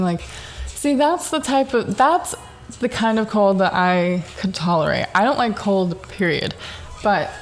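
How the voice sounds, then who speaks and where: A young woman talks alone into the mic for her podcast, swearing freely and spinning stories with lots of energy. Her pitch sits in an ordinary middle range for a woman. She breaks into laughter often as she goes. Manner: profane, animated, laughs often. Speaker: podcast host. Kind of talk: casual solo podcast storytelling. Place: Southern California home.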